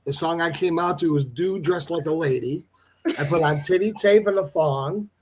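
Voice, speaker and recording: High-voiced man telling a funny story. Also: moderate pace, slight background noise. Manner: animated, jokey storytelling. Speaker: guest. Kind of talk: casual storytelling on a talk show.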